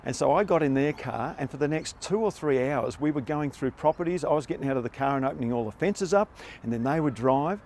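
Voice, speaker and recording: An older Australian man telling a story in a relaxed, wry, conversational way. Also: on the high side, quick pace, slight background noise. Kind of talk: casual spoken storytelling.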